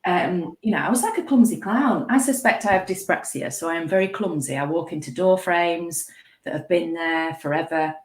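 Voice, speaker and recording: Lively woman, low voice, echoey. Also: normal speed. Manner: lively, self-mocking storyteller. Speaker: guest speaker. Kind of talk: casual conversational chat.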